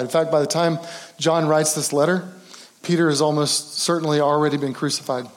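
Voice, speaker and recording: A man's voice: on the high side, poor audio. Earnest, conversational male preacher. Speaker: pastor. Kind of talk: sermon.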